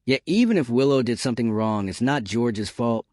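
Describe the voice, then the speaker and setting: A man's voice: mid-range voice, lively intonation, moderate pace, darkish tone, no echo, studio quality, natural voice. A man voicing a chiding neighbor in an audio story. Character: gossiping neighbor.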